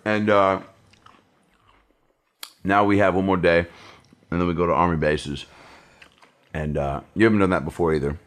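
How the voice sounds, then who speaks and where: Deep-voiced man hosting a podcast. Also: moderate pace, pauses often. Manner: swearing, animated storytelling. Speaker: podcast host. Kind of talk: casual chat.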